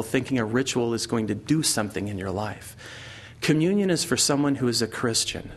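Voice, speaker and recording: A pastor preaching a sermon in a conversational way, with fillers, repeated words and storytelling. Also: male voice, medium pitch.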